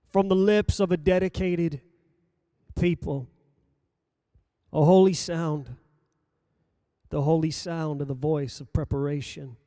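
A preacher delivers a sermon, his slightly mellow voice reading scripture at a slow, measured pace that climbs for emphasis and falls low as each phrase closes. The studio-quality recording sounds clean, with no echo.

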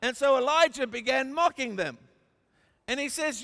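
An Australian man preaching in a high, bright voice, mixing jokes with emphatic, shouted points. His sermon fills a large hall, and each line trails off in a long reverb. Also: normal speed. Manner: emphatic, joking, rises to shouts.

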